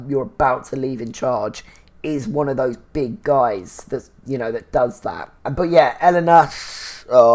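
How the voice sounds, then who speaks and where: Guy doing a chatty episode review, lots of um and you know, gets excited now and then. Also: mid-range voice. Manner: chatty, many fillers, bursts of excited exclamation. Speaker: TV review show host. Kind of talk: casual episode recap and review.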